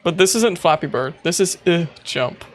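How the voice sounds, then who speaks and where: A man streaming live, chatting casually, excitable and quick to gasp, squeal and swear. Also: a little high. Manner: excitable, gasping and squealing with laughter.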